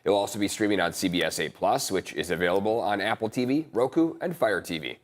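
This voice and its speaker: A male morning news anchor with an American accent, reading stories in a measured, even way. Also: fairly low pitch.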